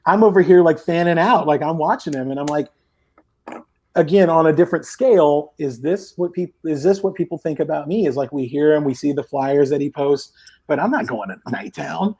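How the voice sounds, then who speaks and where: A man's voice: fairly high pitch, a little fast, dark tone, breathy edge. A man guesting on a live podcast, talking in a loose, rambling way with lots of restarts over a remote call. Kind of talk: casual chat. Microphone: headphones or headset, remote call.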